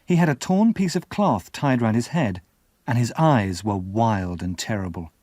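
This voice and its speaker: A man giving scripted storybook narration for English learners, clear and measured. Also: mid-range voice, animated, a little mellow, dry recording. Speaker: audiobook narrator.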